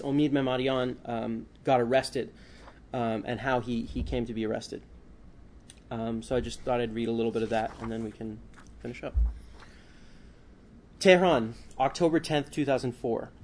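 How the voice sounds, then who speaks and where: A man's voice: medium pitch, darkish tone. Hesitant male author giving a talk. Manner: hesitant, many fillers and restarts when speaking freely. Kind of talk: book talk, then reading from his book.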